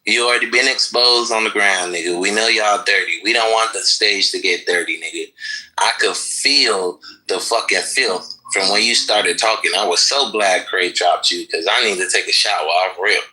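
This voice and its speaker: A man's voice: fairly low pitch, normal speed, pushed and bright, low-quality recording. A man hurling crude insults at a rival in an online audio chat room, mocking and scornful.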